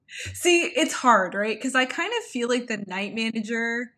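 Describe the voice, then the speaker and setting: A woman's voice: on the high side, animated, unhurried, sharp tone. A woman co-hosting a podcast in casual chat, talking loosely with lots of filler words. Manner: chatty, many "like" fillers. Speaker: podcast co-host.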